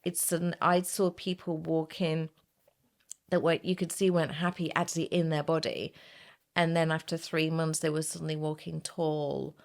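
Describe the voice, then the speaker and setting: A middle-aged woman speaks as an interview guest in a rather low voice. She tells her story in a lively, animated way, and she speaks frankly. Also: moderate pace, vocal fry. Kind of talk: casual interview conversation.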